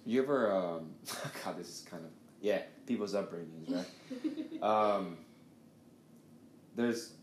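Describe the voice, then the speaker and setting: A man's voice: low voice, sing-song, slow. A man hosting a podcast, telling a story in a casual, rambling way with lots of swearing. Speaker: podcast host. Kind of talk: casual conversation. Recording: echoey room with faint noise.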